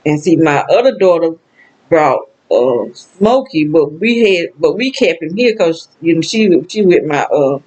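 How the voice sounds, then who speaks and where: In poor audio, a sad older vlogger with a Southern accent talks to the camera in an animated, unhurried voice that sits low and a bit mellow. Her casual monologue wanders emotionally, punctuated by laughter and exclamations.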